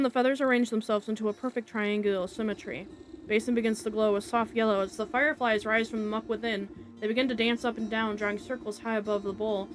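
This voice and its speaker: A woman streamer reading a game's narration aloud, with offhand asides between passages. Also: medium pitch. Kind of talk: reading game text aloud while playing.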